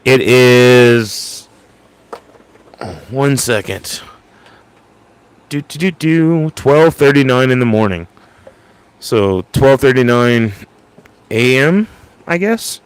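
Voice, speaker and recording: A man's voice: medium pitch, expressive, slow, long pauses, clear, resonant tone. A man hosting a casual late-night livestream into an ASMR microphone, rambling and stammering as he repeats words. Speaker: livestream host.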